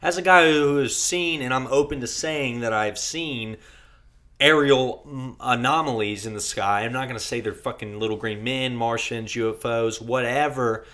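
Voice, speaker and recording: A young man from Virginia, telling a rambling, foul-mouthed story on a podcast. His voice is bright and forward, and it sits at an ordinary middle pitch for a man. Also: moderate pace. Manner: swears freely, rambling with restarts. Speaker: podcast co-host. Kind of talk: casual storytelling chat.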